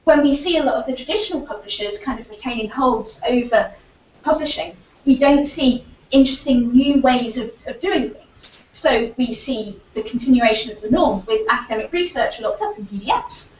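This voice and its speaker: A woman's voice: a little high, moderate pace, slight background noise. A woman giving an earnest conference presentation, arguing her points with frequent fillers, her voice still recovering. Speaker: conference speaker. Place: lecture hall. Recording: echoey hall, distant, dull lo-fi audio.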